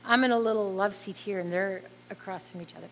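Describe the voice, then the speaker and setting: A middle-aged woman, telling a heartfelt personal story in a halting, earnest way with frequent fillers. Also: medium pitch, fairly bright tone, slight background noise, poor audio. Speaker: interviewee.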